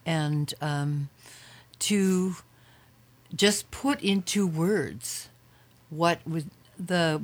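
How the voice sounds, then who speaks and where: A woman with a very low voice explains background information as a radio guest. She speaks in a measured, informative way, with pauses and fillers. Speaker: guest, human rights advocate.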